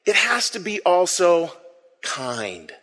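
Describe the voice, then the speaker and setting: Playful preacher in a reverberant hall. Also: male voice, sits high, slow pace. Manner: playful, self-deprecating, animated with the congregation. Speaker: pastor. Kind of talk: interactive sermon with audience call-and-response. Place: church sanctuary.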